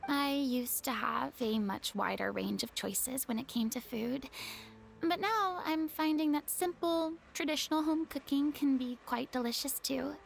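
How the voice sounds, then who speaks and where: A proud, theatrical young goddess who has lost her throne in a video game. Her high voice carries a gravelly edge. She talks in a haughty, dramatic way, over faint music. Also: a little slow. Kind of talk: game dialogue.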